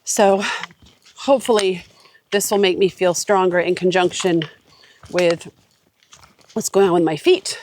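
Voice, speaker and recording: A woman's voice: on the low side, fairly even intonation, a little slow, long pauses, a little mellow. A woman with a stuffy, congested voice talks casually to her viewers while walking a forest trail. She rambles, with plenty of fillers and restarts, into a handheld camera. A faint hiss sits under the recording. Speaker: hiking vlogger. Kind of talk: casual vlog talk while hiking.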